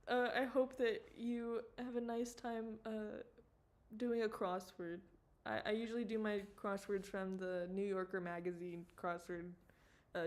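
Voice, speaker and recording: A woman animator chatting casually on a livestream while she works, rambling, giggling and swearing freely. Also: medium pitch. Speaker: animator livestreaming her work. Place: home studio at a computer.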